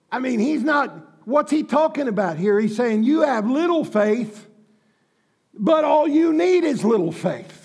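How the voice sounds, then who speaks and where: Male preacher, very high and gravelly voice, fervent shouted sermon with folksy asides.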